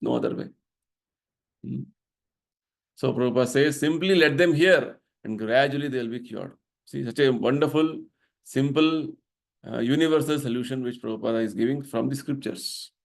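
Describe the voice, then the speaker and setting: A man's voice: mid-range voice, normal speed, vocal fry. A middle-aged man giving a devotional lecture at a temple, explaining his points earnestly and checking in with the listeners by asking "right?". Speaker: temple vice president giving a spiritual talk.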